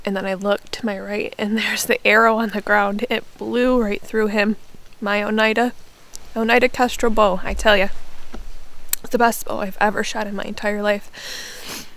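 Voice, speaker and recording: A woman's voice: a little high, moderate pace, poor audio. Shaky, tearful woman bow hunter. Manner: excited, breathless and shaky. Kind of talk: live reaction after a hunt. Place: outdoors at a hunting stand.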